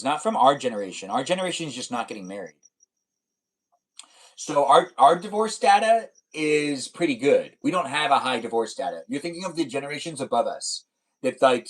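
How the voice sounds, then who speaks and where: A young man hosts a livestream, talking straight to viewers in a rambling, playful way. His voice sits a little high for a man. He reads out comments as they come in and teases the people who sent them. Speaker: livestream host. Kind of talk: casual livestream chat reading viewer comments.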